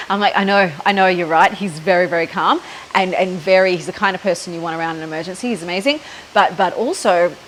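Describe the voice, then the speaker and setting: A woman's voice: fairly low pitch, fast talker, a little hiss or hum. An Australian woman in her thirties, talking casually into a handheld camera outdoors by the water, rambling with many ums and likes. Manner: rambling, frequent ums and likes, laughs often. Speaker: podcast host. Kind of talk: casual spiritual chat to camera. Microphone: handheld phone camera.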